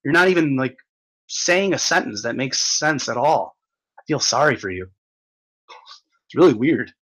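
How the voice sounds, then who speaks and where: Young male streamer, mid-pitched, reads chat aloud and mocks it, swears, laughs a lot. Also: expressive, normal speed, fairly bright tone, low-quality recording. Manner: mocking, exasperated, laughs often, swears. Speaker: livestream host reading chat. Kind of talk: ranting livestream chat.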